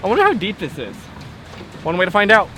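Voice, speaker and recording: A young woman teases and commentates as she hosts a casual vlog from a small boat. Her voice is lively and swoops up and down. Loud outdoor wind and motor noise sit behind her. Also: medium pitch, fast. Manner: playful, teasing, commentating.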